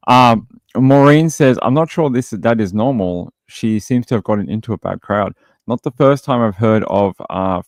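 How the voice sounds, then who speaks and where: A low-voiced Australian man hosts a true crime stream in a casual, chatty way, reading viewer comments and answering them bluntly. His voice is recorded close and dry, with no room sound. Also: a little mellow, no room sound. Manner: blunt and opinionated, with many fillers. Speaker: true crime livestream host.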